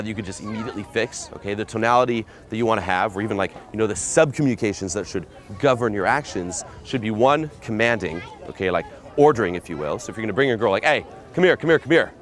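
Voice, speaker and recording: A man from America giving casual dating coaching outdoors on a city street, blunt and profane, often checking "okay?". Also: fairly low pitch.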